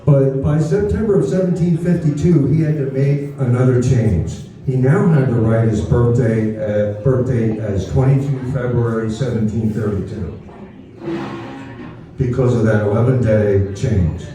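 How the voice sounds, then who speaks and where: A man's voice: medium pitch, a little slow, mellow. A man giving an informal, chatty history talk to a live audience, often checking in with "okay?". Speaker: history speaker. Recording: distant, very echoey room.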